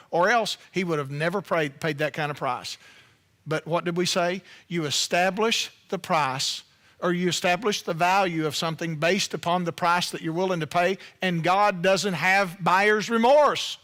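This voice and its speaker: In a high, bright voice, a male pastor delivers a sermon. His preaching is loose and conversational, and he keeps turning to the congregation with playful asides.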